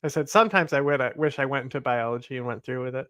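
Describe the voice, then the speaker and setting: A man's voice: mid-range voice, very fast, sharp tone, smooth, no echo, studio quality. A man co-hosting a stream, chatting casually with wry, sarcastic remarks. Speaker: stream co-host. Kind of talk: casual reaction chat.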